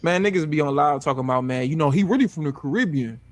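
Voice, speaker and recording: A man hosting a casual group chat, joking loudly and swearing freely. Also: on the high side, animated, fast talker, a crowd in the background. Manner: loud, joking, profane. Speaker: host.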